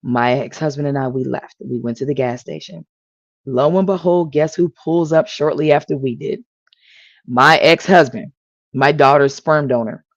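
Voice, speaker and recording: A woman's voice: low-pitched, normal speed, no echo. A woman telling her own story in an earnest, emotional way as a panel guest. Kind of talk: personal testimony. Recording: dull lo-fi audio.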